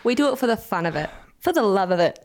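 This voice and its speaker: Aussie woman cohost, really lively up and down voice, playful and emphatic. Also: mid-range voice, a little hiss or hum. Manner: emphatic and playful, quick to agree. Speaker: podcast co-host. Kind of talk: casual chat.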